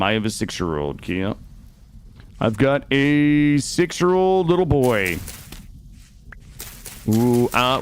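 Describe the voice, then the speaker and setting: A young man streaming a game, chatting casually with viewers, swearing often and swinging between loud remarks and muttering. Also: fairly high pitch, smooth. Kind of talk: casual gameplay chat with viewers. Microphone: studio microphone.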